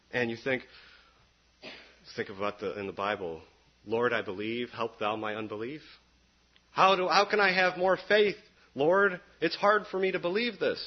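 Male preacher, husky voice, lively delivery full of sarcastic jabs, dull lo-fi sound. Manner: animated, sarcastic jabs, quick pitch jumps. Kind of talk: sermon.

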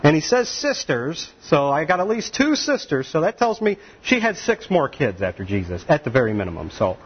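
A man's voice: fairly high pitch, sing-song, moderate pace, husky, dull audio. A man preaching a sermon in a folksy, joking way, often laughing and acting out the voices of the people he quotes. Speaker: pastor.

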